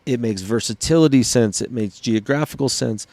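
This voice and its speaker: A man's voice: medium pitch, moderate pace, darkish tone, no room sound. A man co-hosting a casual podcast chat, earnestly explaining his ideas at length. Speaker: podcast co-host.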